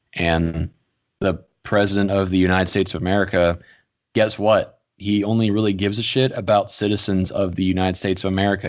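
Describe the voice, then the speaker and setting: A young man co-hosting a podcast, talking in a blunt, profane and animated casual chat. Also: fairly low pitch. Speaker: podcast co-host.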